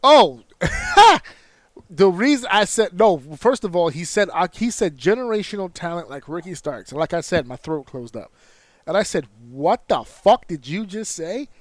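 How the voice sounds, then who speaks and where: Brief: male podcast host, higher-pitched, swears freely, ranting and storytelling, dry close sound. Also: normal speed, dry recording. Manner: profane, animated storytelling with mock outrage. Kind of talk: casual wrestling chat.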